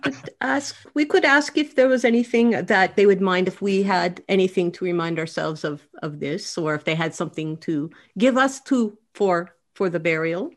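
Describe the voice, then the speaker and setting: A woman's voice: lowish voice, normal speed, few pauses. A woman playing in a tabletop role-playing game who eagerly suggests plans. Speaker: player.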